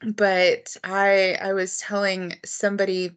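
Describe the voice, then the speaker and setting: A woman's voice: medium pitch, little pitch movement, slow, smooth. A woman hosting a book podcast, chatting casually with frequent ums and restarts. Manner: chatty, hesitant with many ums. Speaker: podcast host. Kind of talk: casual interview chat.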